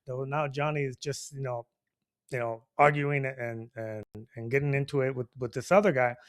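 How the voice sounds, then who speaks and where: A man tells a rowdy bar story to his listeners in a medium-pitched voice. He is animated, laughs often and keeps checking in with "you know what I mean". The delivery is loose, casual storytelling. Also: moderate pace. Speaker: storyteller host.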